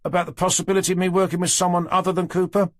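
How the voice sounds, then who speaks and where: Man doing young constable, high, eager, apologetic. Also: flat delivery, very fast, no echo, clean studio sound, natural voice. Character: eager awkward young male detective constable. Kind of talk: audiobook character reading.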